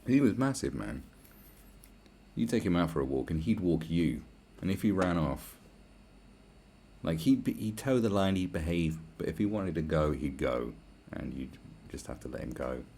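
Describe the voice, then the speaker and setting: A man with a very deep, gravelly voice rants alone on his podcast, crude and blunt. His talk rambles and turns sarcastic. A faint hiss of noise sits under the voice. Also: lively intonation, normal speed, warm tone. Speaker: podcast host. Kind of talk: profane solo rant.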